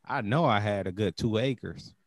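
A man's voice: fairly low pitch, moderate pace. A young man in casual banter, cracking profane jokes and laughing a lot. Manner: profane, jokey, laughs often, riffs with mock voices.

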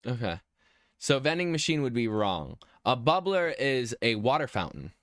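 A man's voice: medium pitch, sing-song, normal speed, fairly bright tone, no echo, studio quality. A man from Massachusetts running a word game on a casual podcast, chiming in with lots of "yeah". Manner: runs the game, repeating "yeah" a lot.

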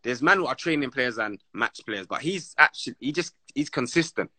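A man's voice: medium pitch, a little fast, dry recording. A man with a London accent telling football stories in casual, slang-heavy, rambling chat as an interview guest. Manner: slang-heavy, rambling and animated, many restarts.

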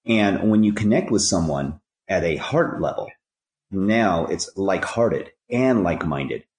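A man's voice: deep voice, sing-song, unhurried, darkish tone, reverberant. A man speaking as a podcast guest, telling stories and giving earnest, preachy life advice with rhyming catchphrases. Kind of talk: conversational storytelling and life advice.

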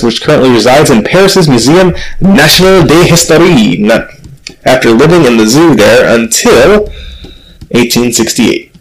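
A man's voice: medium pitch, a little hiss or hum, low-quality recording. A man hosting a podcast, reading animal facts from copy with casual joking asides and self-corrections. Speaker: podcast host.

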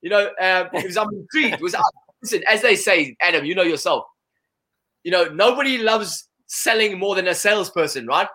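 A man holds forth as an interview guest, rattling along at a rapid clip. His voice is bright and somewhat high, and he peppers every thought with "you know." He sounds like a seasoned salesman talking shop. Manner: animated, full of "you know" fillers. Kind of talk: conversational interview.

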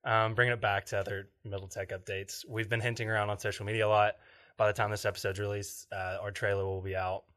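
A man with a somewhat low voice co-hosts a casual podcast chat. He tells stories with frequent laughter and a loose, rambling delivery. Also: little pitch movement, fast, fairly bright tone. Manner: laughs often while telling stories. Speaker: podcast co-host.

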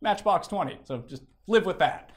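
A man hosting a casual podcast with a high voice that jumps around a lot. He teases his co-hosts and rattles off lists of past segments. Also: expressive, normal speed. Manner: teasing, runs through segment lists. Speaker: podcast host. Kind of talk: casual chat.

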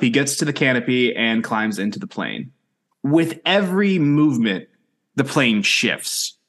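Wry young man recapping a show. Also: mid-range voice. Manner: wry, teasing, recaps plot in steady narration. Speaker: podcast co-host. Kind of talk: casual chat and episode recap.

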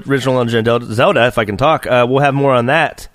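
A man's voice: medium pitch, quick pace, fairly bright tone, no room sound, clean studio sound. Rambling, swearing male podcast host. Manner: rambling, profane, trails off with fillers. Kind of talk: casual bickering podcast chat.

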